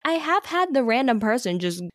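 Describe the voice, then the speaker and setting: A woman's voice: fairly high pitch, very animated, normal speed, dry recording, clean studio sound. A young American woman co-hosting a podcast, chatting casually with many "like" fillers. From United States. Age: young adult. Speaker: podcast co-host.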